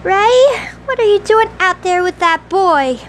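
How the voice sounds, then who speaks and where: A woman reader voicing a brisk, commanding, dry-humored woman doctor in an audiobook. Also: extremely high pitch, expressive, a little hiss or hum, pitched above the performer's own voice, low-quality recording. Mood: exasperated. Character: brisk no-nonsense woman doctor, middle-aged.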